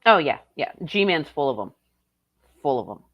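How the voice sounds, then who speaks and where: A woman's voice: low-pitched, big pitch swings, normal speed, breathy edge, lo-fi sound. A woman streamer reacting to a video in casual, blunt and profane commentary. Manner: blunt and profane, laughs often.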